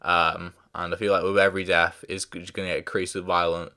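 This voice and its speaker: A man's voice: low voice, level tone, fast, bright, forceful tone. A man giving a casual spoken review, rambling with many fillers and restarts and stopping to apologise when he forgets names. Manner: loses track of names, apologises. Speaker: show reviewer.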